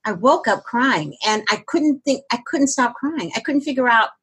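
A husky, slightly breathy older woman recounts her own story as an interview guest. She rambles, restarts and fills pauses with ums and "you know". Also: a little high, animated, a bit bright, poor audio. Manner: rambling, with many fillers and restarts. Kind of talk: personal storytelling.

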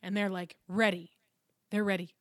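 A woman's voice: mid-range voice, level tone, moderate pace, dry recording, clean studio sound. Laughing, swearing woman retelling a story. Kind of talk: casual book recap chat.

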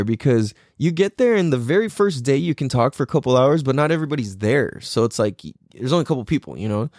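A man's voice: mid-range voice, a little mellow, no echo, clean studio sound. A man talking in a casual, reflective monologue, loose and profane, full of "like" and "you know".

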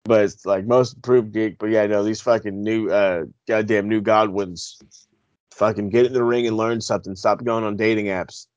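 Profane, rambling podcast host. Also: male voice, lowish voice, moderate pace, no room sound. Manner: rambling, profane, animated ranting. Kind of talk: casual chat. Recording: dull lo-fi recording, dry.

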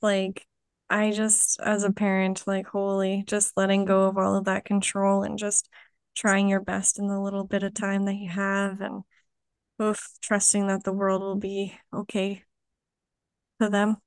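A woman's voice: medium pitch, completely flat delivery, a little slow, clean tone, dry recording. A woman hosting a podcast interview, asking curious, eager questions in a casual way. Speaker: podcast host.

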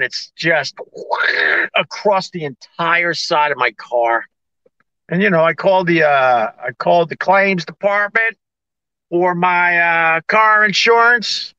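A man rants into his phone from the driver's seat. His voice sits high and bright, and the sound is dry and a bit dull and lo-fi. He is sarcastic and fed up, and he mimics everyone he quotes. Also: no echo. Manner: exasperated, sarcastic, acts out both sides of conversations. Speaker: vlogger on a live stream. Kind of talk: ranting casual monologue. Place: parked car on a city street.

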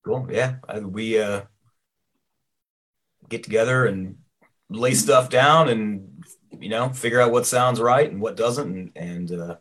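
A man's voice: lowish voice, a little slow, pauses often, a bit bright. A male band member on a video call, talking briefly in a laid-back way. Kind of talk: casual interview.

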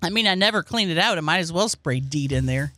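Animated woman, playful podcast chat. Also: on the low side, fast talker, no room sound, clean studio sound. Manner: playful, jokey, rambling storyteller. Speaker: podcast co-host.

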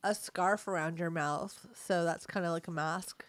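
A woman's voice: lowish voice, steady tone, unhurried, no echo. Playful, teasing woman on a dry mic. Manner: playful, teasing, laughs a lot. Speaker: podcast co-host. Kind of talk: casual chat.

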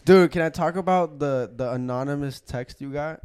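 A man's voice: a little high, moderate pace, darkish tone, smooth. A young man co-hosting a podcast in casual chat, laid-back and heavy on slang. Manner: laid-back slang, says bro a lot. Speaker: podcast co-host.

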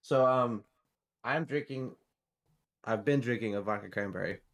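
A man's voice: mid-range voice, a little slow, a bit bright. A man co-hosting a podcast, easygoing and laughing through banter with friends. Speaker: podcast co-host. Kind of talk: casual chat.

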